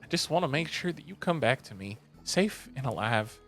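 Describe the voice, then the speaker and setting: A man voicing a gentle but firm older mother in a tabletop game, speaking softly and tenderly. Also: fairly low pitch, sing-song, unhurried, soft background music.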